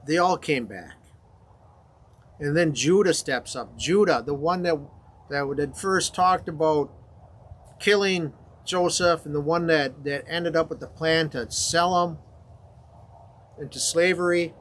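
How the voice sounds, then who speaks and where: A man teaching a confirmation class, retelling a Bible story in a conversational, halting way with frequent fillers. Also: fairly high pitch, fairly bright tone.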